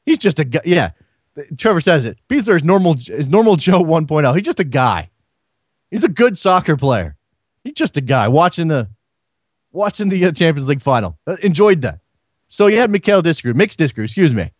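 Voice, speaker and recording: A man's voice: fairly high pitch, sing-song, fairly quick, dry recording, clean studio sound. A man hosting a casual sports call-in radio show, talking off the cuff and often repeating words as he thinks aloud.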